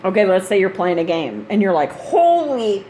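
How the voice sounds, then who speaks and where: A woman's voice: lowish voice, quick pace, warm tone, slight background noise. A woman, a mother of grown kids, chatting in a rambling, casual vlog style about gaming gear, laughing often. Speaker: gaming channel host.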